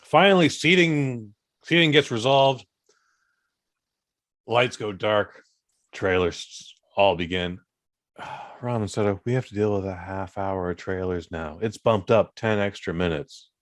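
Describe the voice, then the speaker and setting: A man hosting a podcast, telling a story in a casual, animated way, swearing freely and acting out other people's voices. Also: fairly low pitch, a little slow, no room sound, clean studio sound. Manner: animated, profane, acts out voices in his stories. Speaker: podcast host.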